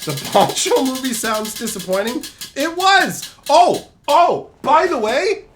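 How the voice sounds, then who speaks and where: Profane ranting male streamer, wildly swinging pitch. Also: big pitch swings, slow. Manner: profane, exasperated, escalating into shouting rants. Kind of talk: ranting storytelling to a live chat.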